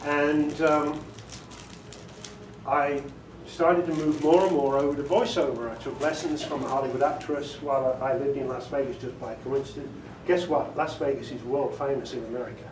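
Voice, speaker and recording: A man's voice: medium pitch, fairly even intonation, normal speed. Man, English accent, middle-aged, joking talk, distant mic, noisy echoey hall. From England. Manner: chatty, jokey, laughs often. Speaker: voiceover artist speaking at a meeting. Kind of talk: storytelling talk with audience questions. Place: meeting room with an audience. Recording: roomy distant recording with background noise.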